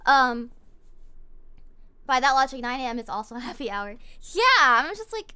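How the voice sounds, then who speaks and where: A young woman streamer telling a story in casual chat, animated and indignant, with lots of fillers. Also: high voice, moderate pace, long pauses, smooth.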